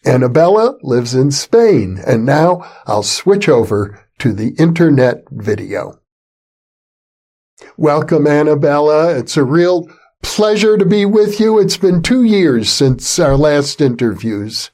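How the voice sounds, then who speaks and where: Slow, measured older male host. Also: a little high, animated, darkish tone. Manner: measured, deliberate delivery. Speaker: interview host. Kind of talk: calm interview introduction.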